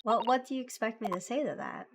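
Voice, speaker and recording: A woman's voice: a little high, fast talker. A woman streaming a game playthrough, chatting casually, often breaking into giggles and teasing the game's lines. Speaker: VTuber streamer. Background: game music.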